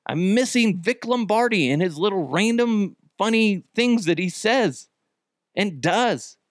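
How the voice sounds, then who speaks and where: Male podcast host, solo rant, profane and exasperated, sudden yells, animated pitch, dry close sound. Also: a little slow, no echo.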